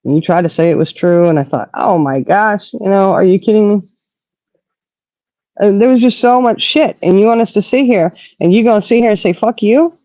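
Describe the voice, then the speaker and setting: A woman hosting a casual live-stream chat sounds indignant and animated, swearing freely without a second thought. Her dark, mellow voice is medium-pitched and fairly quick. The recording is dry and a little dull.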